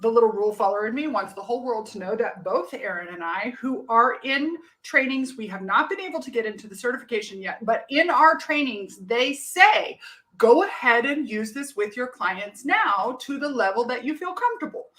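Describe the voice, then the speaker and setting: Animated swearing woman coach. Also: on the high side, fairly quick. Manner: animated, swears freely, laughs often. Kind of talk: casual podcast conversation.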